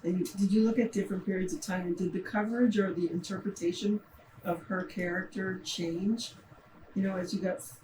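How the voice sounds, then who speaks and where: An audience member at a theater talkback asks a curious question, working it out aloud as they go. The voice comes from far off in an echoey room, with steady background noise clearly audible behind it. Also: medium pitch, brisk. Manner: curious, thinking aloud while asking. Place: theater auditorium.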